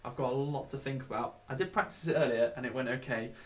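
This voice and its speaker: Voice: mid-range voice, fast. A choir leader, casually talking singers through their parts one step at a time in a home video session. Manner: friendly, chatty, explains step by step. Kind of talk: casual singing tutorial. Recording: roomy sound with music behind.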